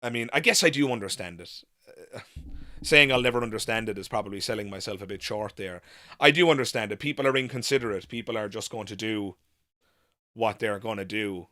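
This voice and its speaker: A man hosting a live Q&A, telling a story in an animated, frank way and swearing casually. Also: lowish voice, fairly quick, no echo, studio quality. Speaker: host.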